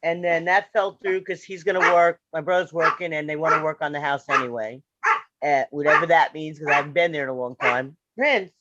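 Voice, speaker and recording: A man guest in a casual podcast chat, joking with quick asides. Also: fairly high pitch. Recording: dull lo-fi line with faint noise.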